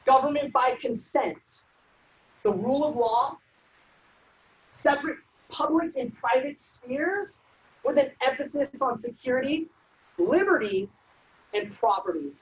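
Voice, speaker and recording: A woman presenting a civics workshop, lecturing in a brisk, conversational way with frequent ums and uhs. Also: high-pitched, expressive, poor audio. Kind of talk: informal lecture.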